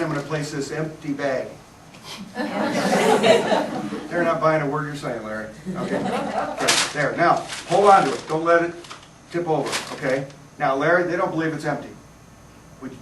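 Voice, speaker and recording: Joking stage magician in an echoey hall. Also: male voice, fairly high pitch, moderate pace, pauses often. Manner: joking, teasing, self-deprecating. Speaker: comedy magician performing with a volunteer. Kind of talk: live stage magic patter with audience banter. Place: large hall with live audience. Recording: echoey hall recorded from far off, loud noise.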